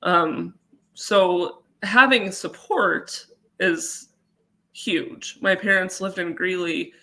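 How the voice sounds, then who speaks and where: A woman from Colorado telling a personal story as an interview guest, halting and earnest, with many fillers. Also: fairly low pitch, bright, forceful tone. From Colorado, USA.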